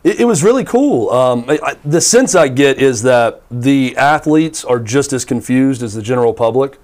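A man's voice: medium pitch, animated, moderate pace, a little mellow. A man in the middle of his range co-hosts a sports talk radio show. He tells stories animatedly and talks casually, with many fillers and restarts.

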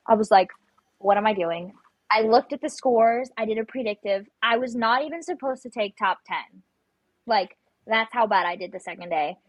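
A competitive shooter in her young adult years is the guest on an interview show, chatting and telling stories while playing out her own panicked lines. Her voice sits a little high, and she talks at a normal speed. The recording is rough.

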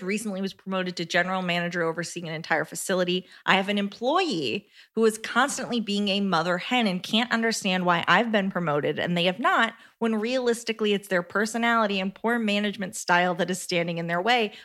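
A woman's voice: medium pitch, fairly quick, fairly bright tone. A young woman co-hosting a podcast, friendly and laughing easily as she reads out listener questions. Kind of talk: casual podcast chat.

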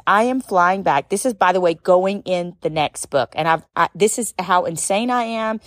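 A middle-aged woman hosting a podcast, telling a personal story in an expressive, sometimes tearful way that rises into high exclamations. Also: brisk, hardly any pauses, no echo, clean studio sound. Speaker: podcast host and speaker. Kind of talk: emotional storytelling monologue.

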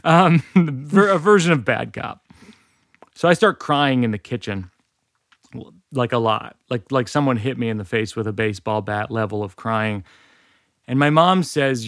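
A man's voice: medium pitch, a little slow, a bit bright, no room sound, clean studio sound. A man in his forties telling a personal story in a candid, wry, self-deprecating way. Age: 40s.

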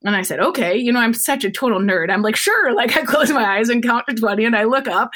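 A woman telling a personal story in conversation, lively and animated, acting out quotes and laughing often. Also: fairly high pitch, quick pace. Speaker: guest.

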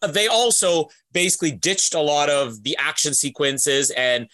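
Bright-voiced man, podcast co-host. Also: a little high, expressive, normal speed. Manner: wry, explains at length with fillers. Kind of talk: casual chat.

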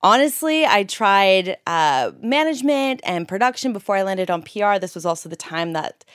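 A woman's voice: mid-range voice, lively intonation, normal speed, clean tone, no echo, studio quality. A woman from San Francisco, a publicist guest, talking in an upbeat, earnest way and laughing easily. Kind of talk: casual interview.

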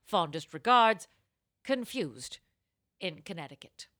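A woman's voice: fairly low pitch, takes it slowly. A woman co-hosting a comedy podcast, chatting playfully, laughing often and reading a listener letter aloud. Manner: animated, laughs often, jumps into silly voices. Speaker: podcast co-host.

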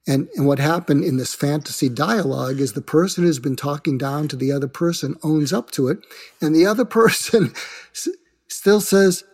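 An older man appears as an interview guest, a suicide prevention expert, speaking at normal speed in a somewhat high voice in a large hall. He explains ideas with animation, acting out example dialogues in quoted voices.

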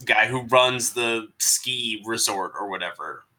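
A man chatting casually about a movie he disliked on his stream, animated and laughing, swearing freely. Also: lowish voice, measured pace. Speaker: streamer co-host. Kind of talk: casual movie review chat.

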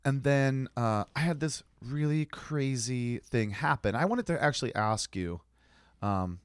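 A man's voice: mid-range voice, unhurried, clear, resonant tone, dry recording. A man co-hosting a podcast, telling a story in casual chat and acting out the dialogue. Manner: animated storyteller, acts out dialogue. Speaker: podcast co-host.

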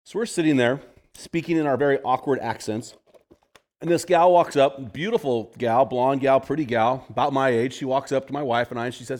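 A man's voice: medium pitch, fairly quick, a little mellow. A man in his fifties, a pastor telling a story in a conversational sermon to a men's group, repeating phrases for emphasis.

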